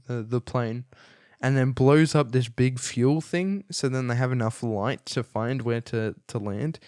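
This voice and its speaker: A young man talks through a film in a loose, amused ramble, full of ums and false starts. His voice sits in an ordinary middle pitch. The recording is dry and close, with no room echo. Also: a little mellow. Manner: chatty, many fillers and restarts, amused. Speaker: podcast host reviewing a film. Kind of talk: casual rambling review.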